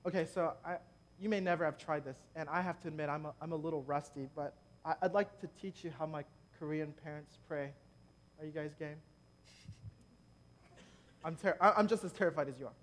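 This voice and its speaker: A man's voice: on the high side, fairly quick, fairly bright tone. A man preaching a sermon in a conversational way, making joking asides to the congregation at a church gathering. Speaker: preacher leading prayer.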